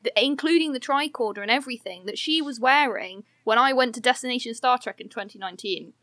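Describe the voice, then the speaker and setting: A woman's voice: fairly high pitch, quick pace, sharp tone, no room sound. A woman co-hosting a casual podcast, talking in a playful, cheeky way. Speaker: podcast co-host. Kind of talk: casual chat.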